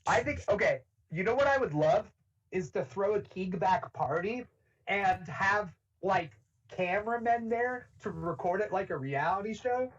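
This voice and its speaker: A man's voice: high-pitched, unhurried, far from the mic, highs cut off. A man hosting a podcast, chatting casually and saying "like" a lot. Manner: relaxed, lots of "like". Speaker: podcast host. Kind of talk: casual chat.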